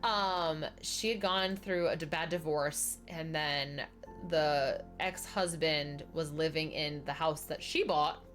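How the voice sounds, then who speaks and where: A young woman chatting casually on a game stream, telling lively stories and acting out the people in them. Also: takes it slowly, soft background music. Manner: chatty storyteller, acts out quoted people with big pitch jumps. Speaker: streamer chatting while playing.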